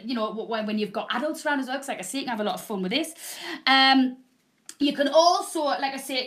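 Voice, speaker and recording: Loud, bubbly woman presenter. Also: high voice. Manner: loud, bubbly, greets viewers by name. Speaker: shopping channel presenter. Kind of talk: live selling stream, chatty. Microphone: proper microphone.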